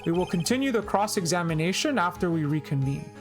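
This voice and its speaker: A woman voicing a calm, formal older male judge with measured delivery. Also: fairly low pitch, over music, natural voice.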